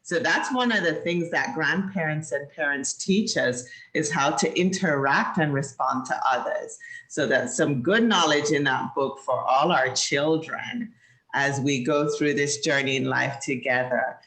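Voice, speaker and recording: A Jamaican woman hosts a children's program over a video call. Her voice is bright and clear, and she talks in an encouraging, teacherly way, laughing often. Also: sits low, unhurried. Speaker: host of a children's show. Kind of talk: lively chat with kids on a video call.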